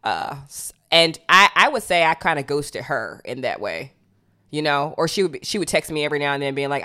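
A young woman co-hosting a podcast, chatting casually and telling animated stories full of fillers. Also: deep voice, brisk. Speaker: podcast co-host. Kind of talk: casual chat.

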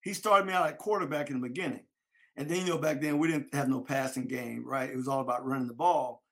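A man telling a lively story about his youth football days, acting out his old coach. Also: mid-range voice, fast. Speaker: former football player. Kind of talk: storytelling interview.

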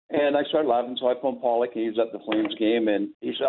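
A man's voice: medium pitch, quick pace, hardly any pauses, slight background noise. An older man, a former sportscaster, telling rambling stories in casual chat, chuckling and quoting dialogue as he goes. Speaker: podcast guest, former sportscaster. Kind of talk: casual storytelling. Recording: tinny phone-like line.

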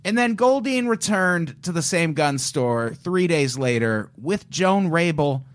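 A man co-hosting a podcast, retelling a crime case in a casual, joking way with quick asides. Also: on the high side, expressive. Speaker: podcast co-host. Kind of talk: casual true-crime chat.

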